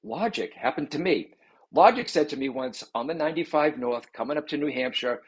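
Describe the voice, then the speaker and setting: A man, a guest on a talk show, explaining in an animated conversational way and acting out the voices he quotes. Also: a little high, a little fast, breathy edge. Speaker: psychic medium guest.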